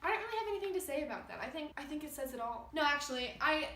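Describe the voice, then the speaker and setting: A woman's voice: high-pitched, animated, racing, sharp tone. A young woman in her late teens vlogging casually, chatty and giggly with many "like"s. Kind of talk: casual vlog commentary. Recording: echoey room, from a distance, faint music.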